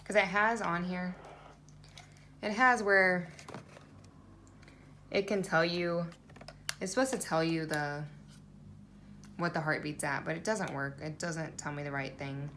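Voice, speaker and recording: A woman's voice: fairly low pitch, fairly even intonation, a little slow, long pauses, pushed and bright, slight background noise. A woman chatting casually in a vlog, rambling with lots of fillers and restarts. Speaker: vlogger. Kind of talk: casual pregnancy update vlog.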